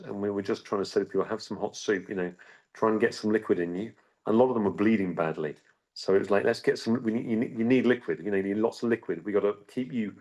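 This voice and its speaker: Low-voiced man telling a halting story. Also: darkish tone. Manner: halting, with frequent restarts and repeated words. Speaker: interview guest. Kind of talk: recounting a personal story.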